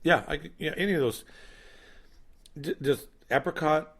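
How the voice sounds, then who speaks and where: A man's voice: a little high, expressive, unhurried, a bit bright. A man co-hosting a casual tasting chat, thoughtful and explaining at length. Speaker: podcast co-host.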